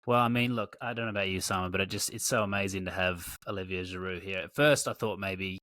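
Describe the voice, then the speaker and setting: A man's voice: low voice, steady tone, fast talker, sharp tone. A man with an Australian accent hosting a podcast, teasing his guest while playing along with mock seriousness. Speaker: podcast host interviewing. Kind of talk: mock interview, casual banter.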